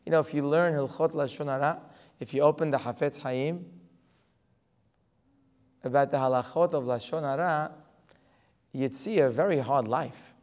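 A man's voice: on the high side, moderate pace, pauses often, darkish tone. A man giving a religious lecture as a Torah teacher, emphatic and full of rhetorical questions. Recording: long reverb of a hall.

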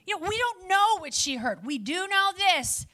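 Woman preacher, very high and bright, energetic sermon delivery. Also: normal speed. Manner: energetic and lively, chatty asides to the audience. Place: before a live audience.

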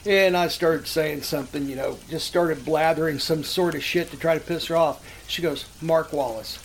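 A man's voice: on the high side, fairly even intonation, moderate pace, a little hiss or hum. A man hosting a podcast, rambling through profane prank stories and laughing as he goes. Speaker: podcast host. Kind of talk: casual storytelling chat.

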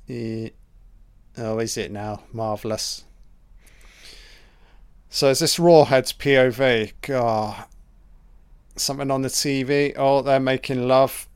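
A man's voice: mid-range voice, slow, pauses often, smooth, no room sound. A man giving a casual film commentary, crude and sarcastic, swearing often as he reacts to the movie. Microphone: home mic, audio only.

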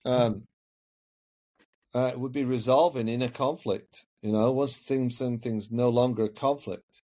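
A man's voice: medium pitch, steady tone, a little slow, warm tone. A man talking as a coaching guest on a podcast, earnest and reflective, often repeating words while he finds his point. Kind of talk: podcast conversation.

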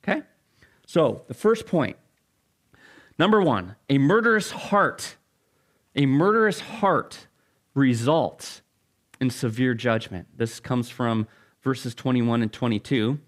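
A man preaching a sermon as pastor, reading scripture, praying and then teaching with animated rhetorical questions that leap up in pitch. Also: slow, pauses often.

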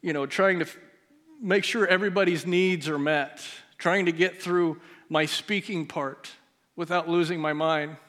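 A pastor telling a personal story in a sermon, his voice dropping to a near hush at the emotional moments. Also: fairly high pitch, fairly even intonation, measured pace. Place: church sanctuary.

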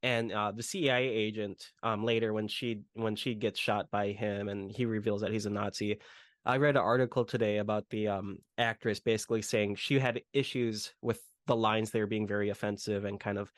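A man's voice: fairly low pitch, steady tone, normal speed, dry recording, clean studio sound. Rambling man recapping a movie. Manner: rambling, filler-heavy retelling of scenes. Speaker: podcast host. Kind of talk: casual movie podcast chat.

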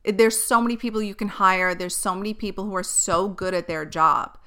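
A woman's voice: medium pitch, steady tone, fairly quick, a bit bright, smooth. Blunt, profane woman ranting. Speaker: influencer commentator. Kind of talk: casual commentary vlog.

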